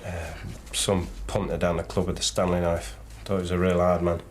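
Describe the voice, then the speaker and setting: An actor playing a terse low ex-soldier. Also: male voice, little pitch movement, brisk, a little hiss or hum, close to an everyday voice. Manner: terse, clipped. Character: gruff ex-soldier bouncer, terse.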